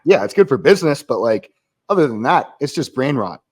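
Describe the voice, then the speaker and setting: A man who is a former Marine, a podcast guest speaking in casual conversation, blunt, profane and quick to laugh. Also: medium pitch, big pitch swings, slightly rough.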